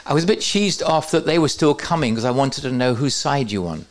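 A man's voice: medium pitch, animated, brisk. A man teaching at a church conference, with joking, self-deprecating asides to the audience. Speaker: preacher.

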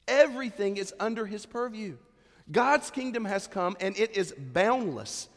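A man's voice: high-pitched, expressive, normal speed, a bit bright. A man, preaching a sermon in a conversational, humorous way with little acted-out asides. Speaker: pastor. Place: church sanctuary. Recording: echoey church hall.

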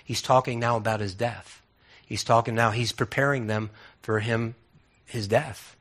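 Bright-voiced preacher man, conversational sermon. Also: mid-range voice, steady tone, a little slow. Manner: conversational, asks repeated rhetorical questions, stammers into restarts.

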